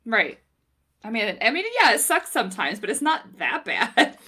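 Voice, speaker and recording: A woman's voice: on the high side, big pitch swings, moderate pace, bright, forceful tone, husky. A woman guest co-hosting a casual podcast, backing up the host with short replies. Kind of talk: casual chat.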